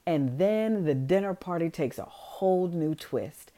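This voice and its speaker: Low-voiced woman animatedly retelling a story. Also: a little slow. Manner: animated, swears freely, acts out quotes. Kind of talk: casual storytelling.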